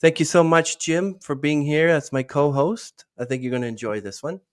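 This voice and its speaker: A male podcast host reads through a guest introduction with emphatic asides to his co-host. His voice sits a little high for a man. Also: normal speed. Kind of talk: reading a guest introduction, then interviewing.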